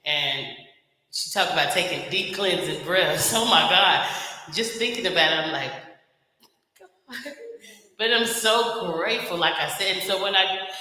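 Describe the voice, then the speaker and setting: A man's voice: high voice, unhurried, long pauses, sharp tone. A man giving an earnest, reflective spiritual testimony as an invited speaker at a church event, laughing now and then. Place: church hall. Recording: echoey hall with long reverb.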